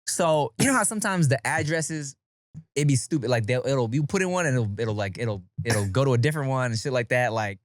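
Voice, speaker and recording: A man hosting a podcast in casual chat, swearing freely and acting out his story. His pitch sits in the middle and the room is dry and close to the mic. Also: fairly quick, dry recording. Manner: animated storytelling with swearing and slang. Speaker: podcast host.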